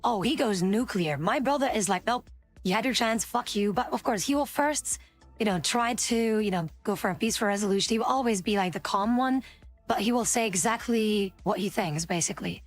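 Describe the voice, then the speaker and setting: A woman's voice: mid-range voice, fairly quick. A woman streamer casually telling a story to her chat, rambling with many fillers and restarts, with faint music behind her.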